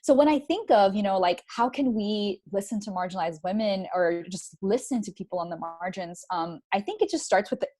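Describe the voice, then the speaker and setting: A woman's voice: mid-range voice, a little fast, hardly any pauses. A woman guest in an interview, telling stories animatedly with many "like"s and "you know"s. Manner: animated storytelling, many likes and you-knows. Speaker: guest, author. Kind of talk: conversational interview.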